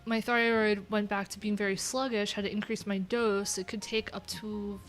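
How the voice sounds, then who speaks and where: A woman's voice: mid-range voice, little pitch movement, moderate pace, soft background music. A woman from New York with a nasal voice, chatting candidly and rambling on a casual livestream from a room at home.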